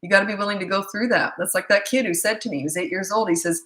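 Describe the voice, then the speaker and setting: A middle-aged woman coaching parents in a live question-and-answer chat, blunt and matter-of-fact, with quick asides. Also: medium pitch, fairly even intonation, a bit bright, reverberant, low-quality recording.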